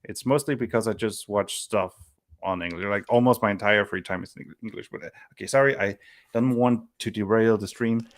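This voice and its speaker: A man's voice: on the low side, a little fast. A man with a German accent, a native German speaker, chatting casually on a stream in a light, self-deprecating way. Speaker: co-host on a stream. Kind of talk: casual livestream chat.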